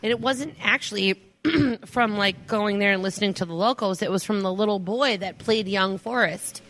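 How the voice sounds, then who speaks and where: A woman's voice: medium pitch, fairly bright tone. Woman, podcast co-host, casual chat, laughs easily, mid-range voice. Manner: quick, laughing interjections.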